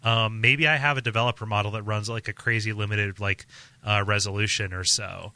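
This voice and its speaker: A man's voice: fairly low pitch, fairly even intonation, a little fast, bright, forceful tone, clean tone, no room sound. A man hosting a podcast in casual chat, rambling and packing his talk with "like" and restarts. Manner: rambling, filler-heavy, heavy use of "like". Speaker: podcast host.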